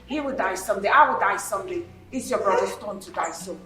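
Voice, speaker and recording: A woman's voice: mid-range voice, fast, a bit bright, roomy sound, far from the mic, faint music behind, close to an everyday voice. An actress with a Nigerian accent playing a haughty widowed mother who answers her family with dismissive mockery. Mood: scornful. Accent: Nigerian English. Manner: dismissive, mocking. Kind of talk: Nollywood film acting.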